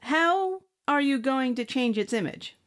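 A woman's voice: high voice, lively intonation, measured pace. A woman voicing a brash, snappish spacefaring bosun. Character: tough, blunt young woman ship's bosun. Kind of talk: audiobook character acting.

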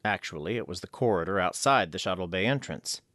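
A man narrating an audiobook in an expressive storytelling manner. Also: sits low, fairly quick, dry recording, studio quality.

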